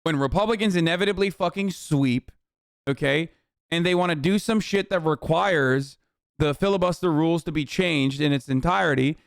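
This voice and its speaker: Smooth-voiced man ranting, sharp and heated. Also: a little high, no echo, clean studio sound. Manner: heated, profane, sarcastic ranting. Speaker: streamer reacting to news. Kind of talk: live-stream reaction rant.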